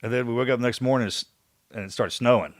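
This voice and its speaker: A man's voice: medium pitch, very fast, no echo, studio quality. A man hosting a podcast, telling a story in casual chat, acting out other people's lines and tossing in "man". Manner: animated storyteller, acts out quotes, says "man" a lot. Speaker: podcast host.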